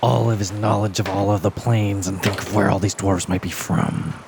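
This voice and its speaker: A man playing a tabletop game, talking slowly and stammering. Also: fairly low pitch, steady tone, vocal fry, background noise. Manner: slow, stammering. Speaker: player.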